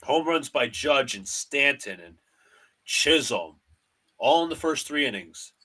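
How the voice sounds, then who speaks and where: A man hosting a live fan stream, calling each pitch of a baseball game in short clipped phrases. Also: animated, slow, sharp tone. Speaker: play-by-play host of a fan stream. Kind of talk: live fan play-by-play commentary.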